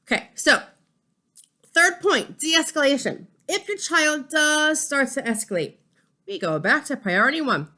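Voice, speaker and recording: A woman in her thirties, a family support educator, giving a conversational lesson to parents and checking in often with "okay?" and "right?". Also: high voice. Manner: warm conversational teaching, frequent "okay?" and "right?" check-ins. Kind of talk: instructional talk to parents.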